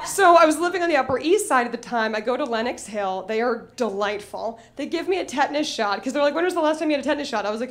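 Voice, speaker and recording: A woman's voice: very high-pitched, lively intonation, fast talker, a crowd in the background. A young adult woman telling a funny personal story on stage, self-mocking and acting out the voices of people in it. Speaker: stand-up comedian. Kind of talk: live comedic storytelling.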